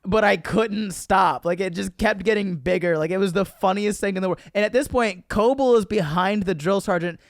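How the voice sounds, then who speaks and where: A man from Florida, a comedian guest on a podcast, telling an animated story in casual chat and laughing as he goes. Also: high-pitched, moderate pace, few pauses, no room sound, clean studio sound.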